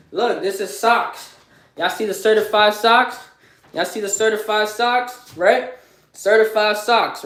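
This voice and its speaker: Brash high-voiced man hyping himself up. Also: fairly bright tone, very echoey. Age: young adult. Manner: brash, boastful street slang, repeats lines, asks the listener questions. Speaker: motivational vlogger. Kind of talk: live motivational monologue.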